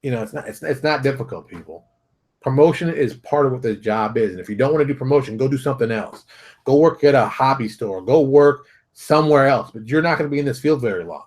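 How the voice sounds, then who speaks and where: A man hosting his own show, talking straight to viewers in a fired-up, preachy rant full of rapid rhetorical questions. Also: mid-range voice, animated, darkish tone. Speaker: show host. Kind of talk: animated solo commentary.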